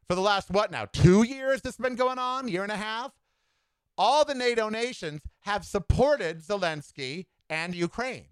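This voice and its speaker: A man hosting a solo podcast, giving sassy, animated political commentary with campy asides. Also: on the high side, smooth, dry recording. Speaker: podcast host.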